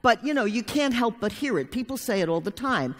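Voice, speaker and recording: A woman's voice: on the high side, expressive, brisk. Frank woman telling a story in a hall. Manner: frank, blunt, plainspoken with some swearing. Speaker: therapist telling a personal story. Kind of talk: live storytelling talk. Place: conference hall. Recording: long hall reverb.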